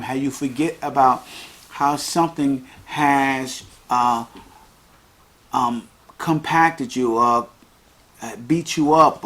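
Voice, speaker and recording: A man in his fifties hosting an unscripted podcast, talking in a chatty, rambling way and laughing easily. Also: mid-range voice. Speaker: podcast host.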